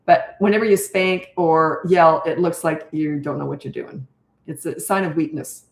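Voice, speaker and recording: A woman's voice: low voice, moderate pace, reverberant. An older woman, a parenting coach, answering viewer questions live in a blunt, firm manner, acting out what to say to a child. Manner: blunt, firm, demonstrates calm tone.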